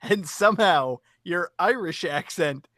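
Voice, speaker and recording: A man's voice: high-pitched, animated, a little slow, a bit bright, no room sound, clean studio sound. A man co-hosting a podcast, chatting casually and explaining details with lots of fillers. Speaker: podcast co-host. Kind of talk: casual chat.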